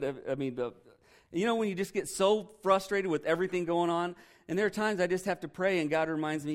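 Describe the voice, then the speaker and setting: Male pastor, slightly higher voice, conversational sermon style that quizzes the room. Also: a little fast. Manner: conversational preaching, quizzes the congregation.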